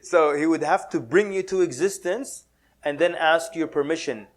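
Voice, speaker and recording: A man giving a lively, joking talk to an audience at a mosque, mixing in Arabic words and acting out quotes. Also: a little high, normal speed. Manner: animated, playful, drops Arabic words, laughs often. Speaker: Muslim speaker giving a talk.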